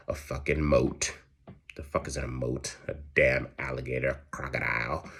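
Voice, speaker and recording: A man's voice: very deep voice, vocal fry, husky. A man giving a casual astrology chart reading, profane and slangy. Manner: profane, slangy, animated storytelling. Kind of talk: casual solo explainer.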